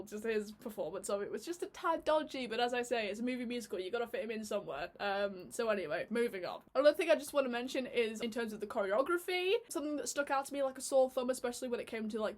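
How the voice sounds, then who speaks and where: A woman talks through a casual review in a chatty way. She laughs often, and her talk is full of fillers and restarts. Her voice sits a little high. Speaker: YouTube reviewer.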